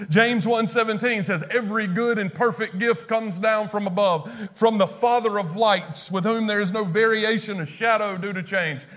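A man with a high voice preaches a sermon. He talks in a conversational way and acts out the words of figures from scripture as he goes. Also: moderate pace, a bit bright.

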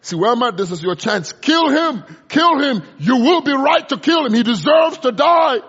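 A man's voice: very high-pitched, expressive, normal speed, fairly bright tone, slightly rough, pitched above the performer's own voice, exaggerated voice. A man voicing a tempting inner voice that insistently urges revenge. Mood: urging. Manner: insistent, urging. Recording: echoey hall, muffled sound.

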